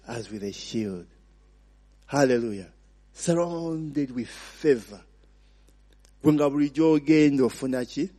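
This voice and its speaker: A man's voice: mid-range voice, measured pace, long pauses, warm tone. A man with a Ugandan accent preaching a sermon, asking the congregation to finish his sentences and mixing in Luganda phrases. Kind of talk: sermon with call-and-response questions. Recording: long reverb of a large hall.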